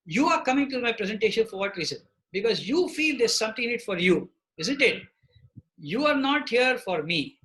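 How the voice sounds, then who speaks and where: A man's voice: very high voice, pushed and bright, low-quality recording. A man leading a live online training session over a video call, often checking in with "okay?" as he teaches. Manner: repeats "okay?" to check in with participants. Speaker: presentation trainer. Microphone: computer mic on a video call.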